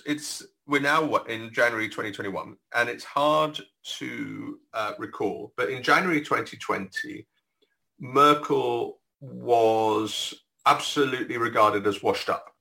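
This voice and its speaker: A man's voice: lowish voice, vocal fry, pushed and bright, poor audio. A British man telling political anecdotes as a podcast guest, digressive with wry asides. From Britain. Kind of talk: podcast discussion.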